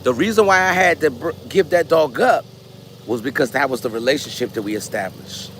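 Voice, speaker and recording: A man vlogging, telling stories in a loose, animated way and acting out voices. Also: mid-range voice, fairly quick, slight background noise. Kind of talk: casual storytelling.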